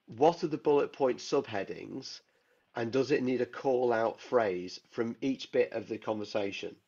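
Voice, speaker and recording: Brief: keen, rambling guy, mid-pitched, dull lo-fi video call audio. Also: unhurried, gravelly, a little mellow. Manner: enthusiastic, rambling with many fillers. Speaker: guest illustrator. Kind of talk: casual interview chat.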